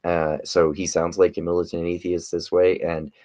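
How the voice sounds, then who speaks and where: A man's voice: sits low, flat delivery, normal speed, warm tone, no room sound. A man giving casual, rambling commentary on a video clip, with many restarts and fillers. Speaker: commentary YouTuber.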